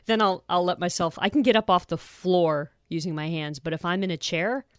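A woman guest in a casual chat, expressive and laughing easily, her voice swinging up when she gets animated. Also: lowish voice, brisk, no echo, clean studio sound.

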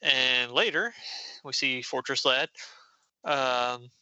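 A middle-aged man hosting a podcast, casually recapping a comic story in an animated way. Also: mid-range voice, takes it slowly, clear, resonant tone, dry recording, muffled recording. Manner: animated, slips into voices. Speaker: podcast host.

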